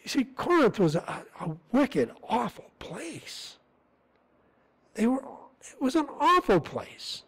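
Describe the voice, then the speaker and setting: In a church sanctuary, a man preaches as a visiting missionary, speaking earnestly and conversationally and often restarting. His very high, slightly bright voice swoops wildly in pitch at a measured pace, on a rough recording.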